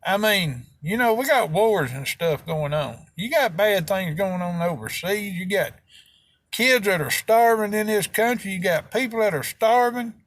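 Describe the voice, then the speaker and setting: In a dry recording, a middle-aged man with a Southern American accent rants to camera as a video host, voicing his opinions in a folksy, heated way packed with rural slang. His voice sits high and sounds fairly bright and expressive, at a measured pace.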